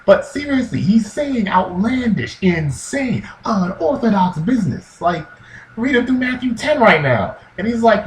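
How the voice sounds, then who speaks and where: Animated slangy man in an echoey room. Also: high voice, unhurried, a little hiss or hum. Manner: animated, slangy, acts out quotes in voices. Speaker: vlogger. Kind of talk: casual religious commentary. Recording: echoey room with faint ambience.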